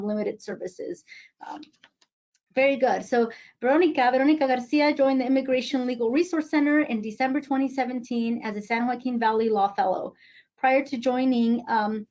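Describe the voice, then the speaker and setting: A woman moderating an online webinar, speaking in a measured way and repeating words as she introduces speakers. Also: fairly high pitch, darkish tone. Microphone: video call. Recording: muffled video-call audio.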